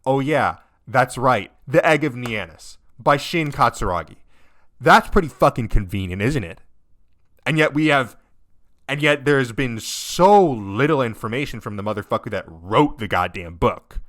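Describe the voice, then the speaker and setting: A young man talks through a game he is playing, upset and close to tears. He swears constantly, breaks off sentences and rants, his mid-pitched voice swinging widely up and down. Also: animated, normal speed, fairly bright tone. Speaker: let's-play gamer. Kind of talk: emotional game commentary.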